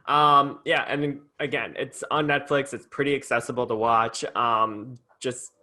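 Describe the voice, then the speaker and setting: A man's voice: mid-range voice, steady tone, unhurried, bright, forceful tone. Chatty podcast co-host man. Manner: chatty and enthusiastic, full of fillers. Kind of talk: casual chat.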